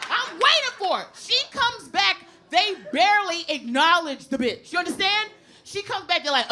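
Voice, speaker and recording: A woman comedian doing a brash, profane, animated stand-up routine on a club stage into a handheld mic. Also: very high-pitched, a little fast. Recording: live club recording with crowd laughter and noise.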